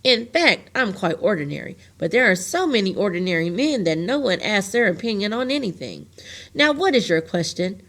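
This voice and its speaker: A chatty, absent-minded ordinary man of middle years, fussy and cheerful, as a woman reading a storybook puts him on. He rambles brightly, a little higher and livelier than her own voice. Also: big pitch swings, moderate pace. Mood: confiding. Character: ordinary middle-aged man, the four-way house dweller, fussy and forgetful.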